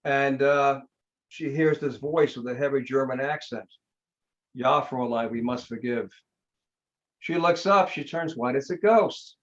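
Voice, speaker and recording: A man's voice: mid-range voice, moderate pace, a bit bright. A man, a hypnotherapist guest on a podcast, telling a story in blunt, emphatic bursts. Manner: emphatic, blunt, punchy short phrases. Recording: slightly dull lo-fi sound.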